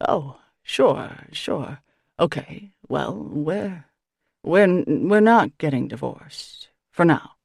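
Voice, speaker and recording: A woman's voice: deep voice, expressive, drawn-out words, creaky, a little mellow, husky, no room sound, clean studio sound, full character voice. A woman voicing a distracted, hesitant middle-aged father who speaks affably and stumbles over his words. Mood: halting.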